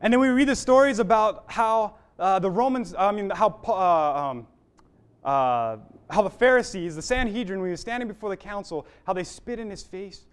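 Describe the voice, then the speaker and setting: Earnest high-voiced man preaching. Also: expressive, normal speed, clear, resonant tone. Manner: earnest, rising in fervor, with fillers and restarts. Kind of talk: sermon.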